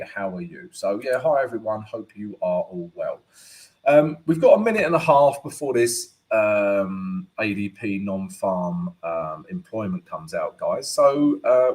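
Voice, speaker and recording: A man's voice: medium pitch, low-quality recording. A man hosting a live trading stream, chatty and upbeat, thinking aloud with fillers and tag questions as he walks through charts and greets viewers by name. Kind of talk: casual live-stream market commentary.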